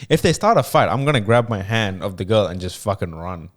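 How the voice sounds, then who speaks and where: Young man, rapid casual talk, lowish voice, blunt and sweary. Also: big pitch swings. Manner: fast, blunt, swears freely, laughs often. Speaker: podcast co-host. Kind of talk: casual chat.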